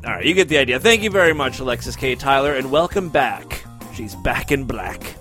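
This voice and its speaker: A man's voice: mid-range voice, animated, brisk, sharp tone, soft background music. A man hosting a crude comedy podcast, introducing clips with sarcastic quips. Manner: sarcastic, wisecracking. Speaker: podcast host.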